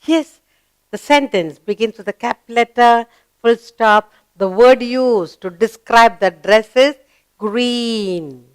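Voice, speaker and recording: A woman's voice: a little high, clean tone, dry recording. A woman teaching a grammar lesson for young children, coaxing them along by asking questions and answering them herself. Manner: slow, coaxing, asks and answers her own questions.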